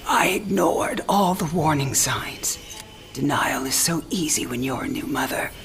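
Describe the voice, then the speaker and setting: A sharp-witted elderly mother facing her last night alive. Her voice sits low yet moves a lot in pitch, and she talks frankly and wryly, often in a hush. Music plays faintly behind her in this game cinematic. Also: expressive, measured pace. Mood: reflective. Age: older. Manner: wry, teasing, frank, often hushed. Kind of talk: video game cinematic drama.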